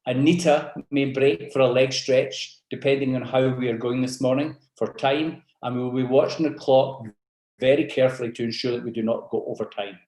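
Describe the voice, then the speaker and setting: A man's voice: mid-range voice, fairly even intonation, normal speed, a little mellow, roomy sound. A man with a mixed South African and Scottish accent opening a webinar with formal, courteous announcements. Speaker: event host.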